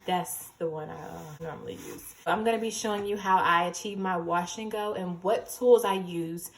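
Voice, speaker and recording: At home, a young woman chats casually through a hair tutorial, nervous, a little tipsy, rambling and giggly. Her voice is fairly low at a normal speed, picked up by a camera mic.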